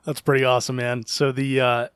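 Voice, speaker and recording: A man hosting a podcast, chatting casually and chiming in with quick reactions and laughs. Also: mid-range voice, little pitch movement, smooth, no echo, studio quality. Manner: interjecting, laughing along. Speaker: podcast host. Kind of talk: casual chat.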